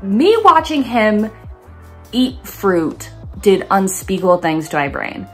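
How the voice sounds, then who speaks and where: A woman's voice: mid-range voice, big pitch swings, takes it slowly, breathy edge, faint music behind. Rambling young woman vlogging from her bedroom. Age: young adult. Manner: rambling, playful, self-interrupting asides. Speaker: art vlogger. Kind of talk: chatty painting vlog. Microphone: phone camera.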